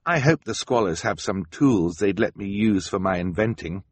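A man's voice: fairly low pitch, animated, moderate pace, breathy edge, dry recording. A man voicing a resourceful teenage girl inventor, the eldest sister, earnest, practical and encouraging.

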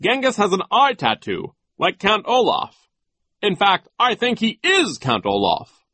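Male narrator doing a flustered banker: pitched way up, loud, exclaiming. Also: unhurried, slightly rough, dry recording, heavily acted. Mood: alarmed. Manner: raised, excited exclamations.

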